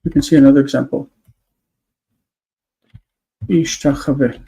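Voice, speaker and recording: A man's voice: mid-range voice, fairly even intonation, measured pace, mellow, poor audio. A man on a live stream, explaining word forms step by step, thinking aloud with many fillers. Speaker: Hebrew teacher.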